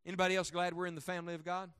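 Middle-aged male evangelist with a high voice, preaching with emphatic build-ups and quiet asides to a congregation. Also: little pitch movement, very fast, clean tone. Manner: emphatic, rhetorical questions, swings between loud and hushed. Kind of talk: sermon. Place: church meeting room with congregation.

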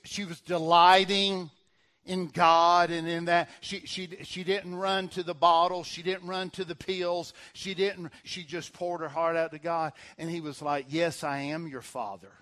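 An older man in his sixties delivering a sermon from the pulpit. His voice sits high for a man, and he talks earnestly, restarting phrases and slowing right down to stress scripture. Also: a bit bright. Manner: earnest preaching with repeated restarts and dramatic slow emphasis. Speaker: pastor.

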